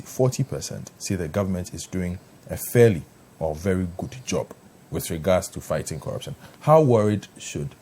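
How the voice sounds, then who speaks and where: A man moderates a studio panel in a very low, dark voice. He presses his guests with pointed questions and reads statistics out slowly and deliberately. A faint hum of room ambience sits behind him. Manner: probing, reads figures out deliberately. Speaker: TV talk show host.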